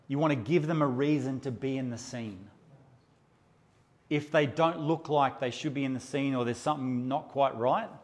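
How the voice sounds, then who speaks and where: A man teaching a live workshop session, brash and joking and swearing freely as he addresses the audience. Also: mid-range voice. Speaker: photography workshop presenter.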